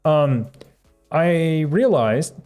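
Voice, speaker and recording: Mellow-voiced man rambling on a live stream. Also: fairly high pitch, animated, very slow, faint music behind. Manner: rambling, chuckling, reading chat aloud. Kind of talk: casual live-stream chat.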